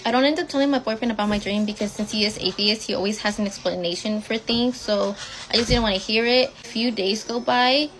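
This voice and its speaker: A woman's voice: a little high, rough recording. Blunt young woman telling a story. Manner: blunt, swears freely, rushed retelling. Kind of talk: casual storytime.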